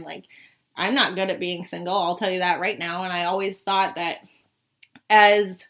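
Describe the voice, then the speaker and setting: A woman's voice: lowish voice, a little slow, pauses often, fairly bright tone. Young woman from around boston, rambling story, like like like, cusses a bit. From Boston area, US. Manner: chatty, says "like" constantly, swears casually. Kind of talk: casual storytelling.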